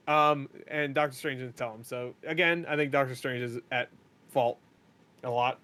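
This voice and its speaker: A young man hosting a podcast, rambling and swearing as he recaps a movie and acts out the characters in quick paraphrase. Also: medium pitch, fairly even intonation, pushed and bright. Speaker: podcast host.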